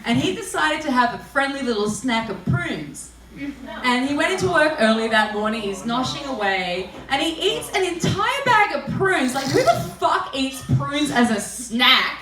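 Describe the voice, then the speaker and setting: A woman's voice: sits high, big pitch swings, moderate pace, music in the background. A woman telling crude, self-deprecating stories in a live comedy set, often laughing through her lines. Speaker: stand-up comedian. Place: small live performance venue. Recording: roomy live room, far from mic, audience noise. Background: audience laughing and reacting.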